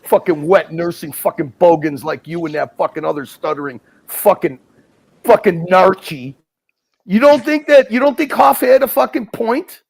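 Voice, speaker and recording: A man's voice: high voice, normal speed, vocal fry, darkish tone, husky. A man hosting a livestream, ranting and hurling insults in profane, mocking chat. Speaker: livestream host.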